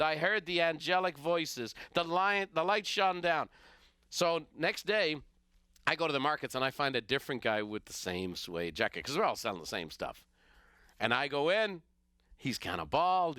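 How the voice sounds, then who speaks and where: A middle-aged man with an Irish accent tells stories for a motivational business podcast, acting out the characters as he goes. His voice sounds bright and crisp. The recording is close and dry. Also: on the high side, no room sound. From Ireland. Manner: animated storyteller who acts out characters. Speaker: business coach and podcast host. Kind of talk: storytelling motivational talk.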